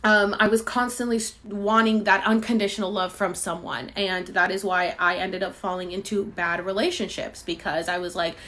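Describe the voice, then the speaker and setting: A woman's voice: medium pitch, level tone, moderate pace, hardly any pauses, a bit bright. A woman in her thirties hosting a live stream, telling a personal story in a casual, rambling way with lots of fillers and quoted dialogue. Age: 30s. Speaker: host answering viewer questions.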